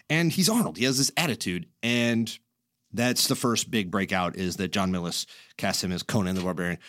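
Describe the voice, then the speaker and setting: Clean studio sound with no room noise carries this man's fairly low, fairly bright voice. Hosting a podcast, he meanders through stories in easy conversation, laughing a lot and cursing casually.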